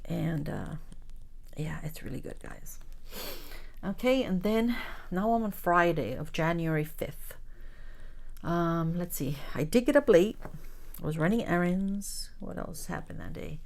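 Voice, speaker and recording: Chatty woman with a gravelly low voice. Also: lively intonation, unhurried, pauses often, a little mellow. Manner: chatty storyteller, calls her viewers "guys", drops to whispers. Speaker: crafting channel host. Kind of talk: casual chat while crafting.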